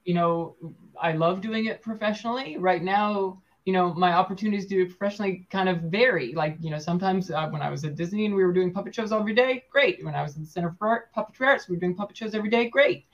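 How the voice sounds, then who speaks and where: A woman's voice: mid-range voice, fast talker, lo-fi sound. A woman puppeteer talking casually in an interview, full of fillers and restarts. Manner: chatty, with many fillers and restarts. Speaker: puppeteer guest.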